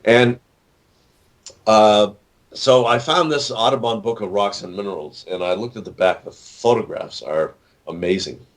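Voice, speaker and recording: A man's voice: on the low side, a little slow. An older man in his sixties, an author being interviewed, talking in a rambling way with many fillers and restarts. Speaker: author and actor, interview guest. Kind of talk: casual interview talk.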